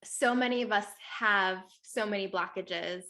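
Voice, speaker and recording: A woman's voice: medium pitch, unhurried, pushed and bright. A woman hosting an interview, affirming her guest with an enthusiastic manner. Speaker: host and hypnotherapist. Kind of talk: casual interview.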